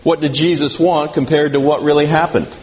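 A pastor with a voice on the high side preaches briskly and flatly, his tone a little mellow. He keeps the sermon conversational, putting questions to the congregation and slipping in dry, self-deprecating humor, while a large hall adds long reverb and faint background noise.

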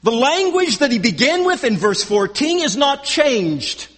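A man's voice: very high voice, big pitch swings, unhurried, a bit bright, big-room sound. A man preaching a sermon verse by verse, emphatic and repeating his key phrases. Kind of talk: expository sermon.

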